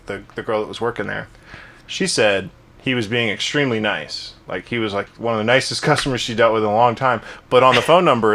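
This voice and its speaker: A man's voice: fairly low pitch, a bit bright. A young man co-hosting a casual podcast, telling a long work story with swearing and many restarts. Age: young adult. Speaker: podcast co-host. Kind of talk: casual chat.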